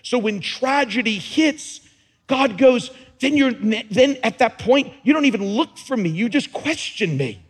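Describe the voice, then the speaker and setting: A man preaching a sermon as pastor, his passionate delivery swinging between hushed, quiet moments and shouted peaks. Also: very high-pitched, expressive, measured pace, slightly rough, big-room sound.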